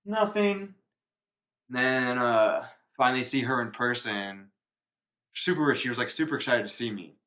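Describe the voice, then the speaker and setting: A man's voice: medium pitch, lively intonation, moderate pace, pushed and bright. A young man co-hosting a podcast, telling a story in casual, rambling chat and laughing at himself. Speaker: podcast co-host.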